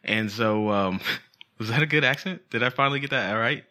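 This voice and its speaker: A man with a medium-pitched, sharp-toned voice talks at a normal speed. He's co-hosting a podcast and chatting casually, playful and jokey, often trailing off into asides.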